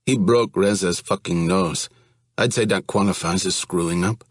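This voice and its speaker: A man's voice: deep voice, normal speed, dry recording, clean studio sound. A man voicing an angry young street fighter who talks curtly and with hostility. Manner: curt, hostile.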